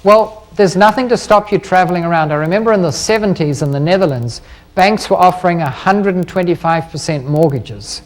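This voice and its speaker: A man's voice: high voice, fairly quick. A middle-aged man speaking at a live seminar, bold and persuasive, putting many rhetorical questions to the room. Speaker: seminar speaker on property investing. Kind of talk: live seminar talk to an audience.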